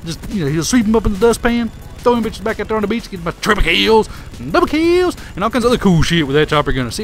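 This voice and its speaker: A man with a Southern hillbilly drawl giving crude, trash-talking commentary over his own shooter gameplay. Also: high voice. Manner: brash trash-talking hillbilly persona, crude insults at opponents. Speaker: gaming commentator.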